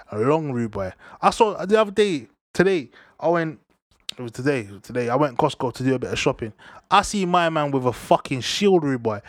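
A man's voice: mid-range voice, dry recording, clean studio sound. A young man ranting to camera, heated, slangy and full of swearing and restarts. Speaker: vlogger.

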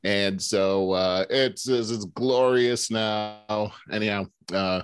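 Low-voiced man telling lively stories. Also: slow pace. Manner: animated storyteller, mimics squeaking sounds in high voice. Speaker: podcast co-host. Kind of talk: casual chat.

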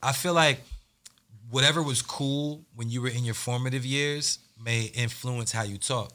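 A man's voice: mid-range voice, moderate pace, sharp tone. A man from New Jersey hosting a casual podcast chat, joking and trailing off into mumbles. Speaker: podcast host.

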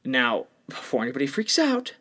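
A man co-hosting a podcast, talking bluntly and opinionatedly in casual chat, swinging between louder bursts and quiet stretches. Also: mid-range voice, wildly swooping pitch, moderate pace. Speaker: podcast co-host.

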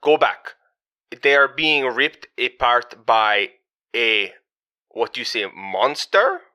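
Man putting on a frazzled monster-hunter, bright, halting and interrupting. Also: medium pitch. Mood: flustered. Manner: interrupting, flustered, halting English. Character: jittery French-Canadian male monster-hunter contact.

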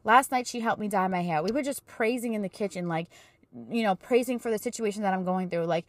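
A woman's voice: medium pitch, brisk, dry recording, studio quality. A woman in her thirties, hosting a podcast as a life coach, talking casually and encouragingly, fervent in her faith. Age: 30s. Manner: chatty, encouraging, faith-filled; emotional and fervent in praise. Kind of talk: casual motivational talk.

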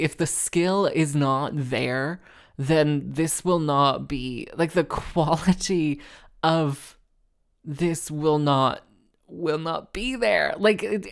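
Woman podcast host, low voice, sarcastic and rambling, casual chat. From Wales. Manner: sarcastic, rambling, with frequent restarts and laughs.

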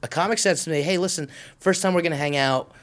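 A man who is not a comedian, joining a casual chat and giving animated hypothetical examples, a bit off-mic. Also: on the high side, quick pace.

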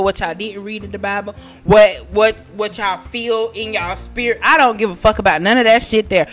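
A woman hosting her own podcast in a rambling, profane monologue, laughing at her own jokes and jumping between loud bursts and quiet asides. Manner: big swings in loudness and pitch, bursts of shouting. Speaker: podcast host. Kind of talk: casual solo podcast monologue.

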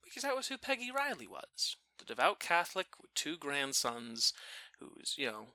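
A man telling a family story in a casual chat, animated and often breaking off to restart his sentences. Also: fairly high pitch, moderate pace, no room sound. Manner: animated, self-interrupting.

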